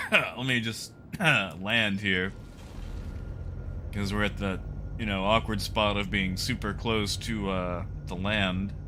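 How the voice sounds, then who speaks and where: A man's voice: lowish voice, very animated, slow, bright, forceful tone, a little hiss or hum. A man live-streaming a space game, chatting casually and animatedly, laughing and greeting viewers as he plays. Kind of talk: casual live-stream commentary while gaming.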